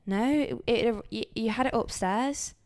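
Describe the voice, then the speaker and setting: A woman's voice: a little high, unhurried, a little mellow. Bubbly woman podcast co-host. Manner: bubbly, chatty, playful. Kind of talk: casual chat.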